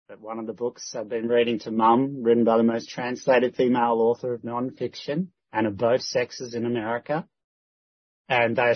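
A man gives a rambling, casual update and keeps restarting his sentences. His voice is husky and the recording is dry. The sound is dull and lo-fi. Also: medium pitch, no echo. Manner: rambling, with many restarts and quoted dialogue. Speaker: church member giving a prayer update.

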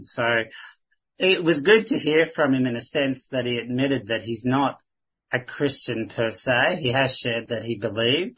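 A man's voice: mid-range voice, slightly rough, muffled recording. A man sharing earnest, rambling faith stories in casual chat, with frequent restarts. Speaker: Christian sharing witnessing stories.

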